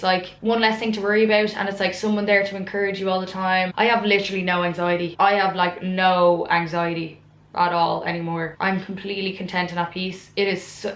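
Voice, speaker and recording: A young Irish vlogger in her twenties chats casually to camera in a Q&A video, her mid-range voice fairly quick with little pitch movement. She is frank and chatty and pokes fun at herself, and the recording has a roomy echo.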